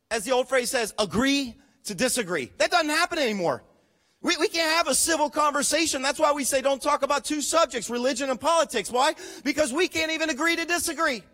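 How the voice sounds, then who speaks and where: A very high-pitched man preaches a sermon as a pastor. He speaks emphatically, repeating key phrases and leading call-and-response, moving from hushed asides to shouts.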